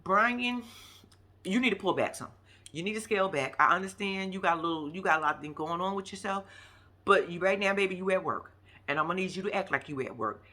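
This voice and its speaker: A woman's voice: on the low side, expressive, quick pace, pushed and bright. A woman giving a casual recap of a reality show, blunt and profane, scolding the people in it as she talks.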